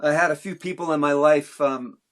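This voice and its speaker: A man's voice: fairly high pitch, fairly even intonation, fairly quick. A middle-aged man from Cape Breton, Canada, a musician guest telling stories in a rambling, self-interrupting way in a casual interview.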